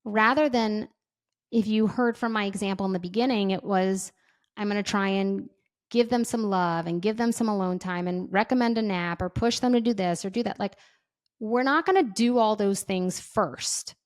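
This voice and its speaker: Woman, thirties, podcast host, chatty, says like a lot, acts out dialogue, mid pitch. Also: moderate pace. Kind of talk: casual advice podcast.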